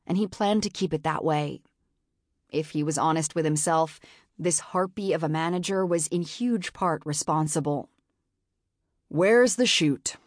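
A woman narrating a novel in a measured, expressive audiobook style. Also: deep voice, no room sound, clean studio sound. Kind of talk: scripted narration.

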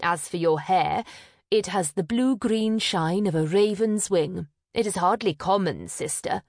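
A woman's voice: lowish voice, measured pace, a little mellow, dry recording, studio quality. A woman voicing a proud, vain eldest sister who speaks sharply and impatiently.

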